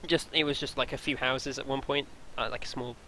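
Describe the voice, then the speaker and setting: A man running a tabletop game as game master, describing scenes in a halting way with many fillers. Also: medium pitch, steady tone, bright, forceful tone, a little hiss or hum, rough recording.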